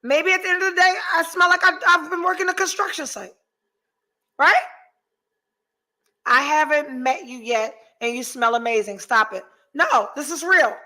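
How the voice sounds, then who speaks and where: This podcast host, a woman in her forties, goes through viewer comments with candor and lots of profanity, bouncing dramatically between mock despair and laughing. Her high, sharp voice moves at normal speed on a low-quality recording.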